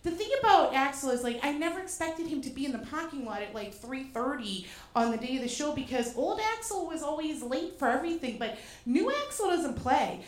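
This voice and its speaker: A woman from Boston telling a comic personal story, animated and profane with self-mocking asides, in a live show venue. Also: high voice, normal speed. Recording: roomy echo.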